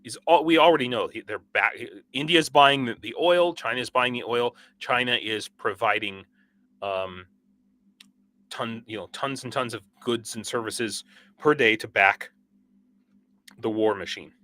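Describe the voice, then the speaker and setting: A young man with a bright, forward voice chats through a livestream, worn out from a sleepless night and wired on coffee. His talk rambles and halts, full of restarts and fillers, and he breaks into short laughs between viewer comments. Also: medium pitch, unhurried. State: sleep-deprived and over-caffeinated. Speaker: livestream host. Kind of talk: casual livestream chat reading viewer comments.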